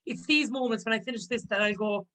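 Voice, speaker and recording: A woman's voice: a little high, fast, fairly bright tone, low-quality recording. A woman, a podcast guest talking openly and earnestly in casual chat.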